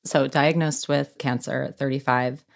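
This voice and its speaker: A woman hosting an interview with an unusually deep voice. She asks questions in a reflective, somewhat hesitant way. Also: steady tone, moderate pace, gravelly. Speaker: interview host. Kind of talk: conversational interview.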